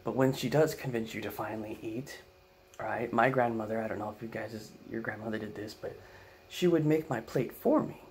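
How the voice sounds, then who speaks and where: A man telling a comic family story in an animated way, acting out the quotes. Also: fairly low pitch, moderate pace, slight background noise. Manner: animated, acts out quotes, laughs. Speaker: vlogger, comedic storyteller. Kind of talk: comedic storytelling.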